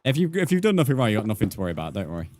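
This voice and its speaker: A man's voice: lowish voice, sing-song, rapid-fire, darkish tone, a little hiss or hum. A young man streaming, chatting casually with viewers, swearing freely and calling them mate. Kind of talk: casual live-stream chat.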